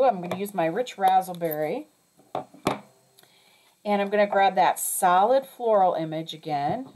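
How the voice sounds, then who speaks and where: A woman's voice: medium pitch, a little mellow. A woman teaching a craft lesson step by step, chatty, often checking in with "okay?" and correcting herself as she goes. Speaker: crafting instructor.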